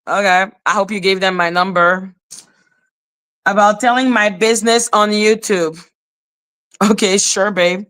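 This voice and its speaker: A woman's voice: medium pitch, a little slow, pauses often, sharp tone, smooth. A woman hosting a live stream, talking to her chat in a confrontational, scolding way. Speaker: livestream host.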